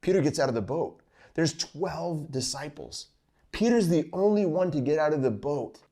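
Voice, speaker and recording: A man hosting a fishing vlog, giving an informal Bible study with animated storytelling full of "like"s. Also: on the high side, moderate pace. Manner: animated storytelling, acts out scenes, many "like"s.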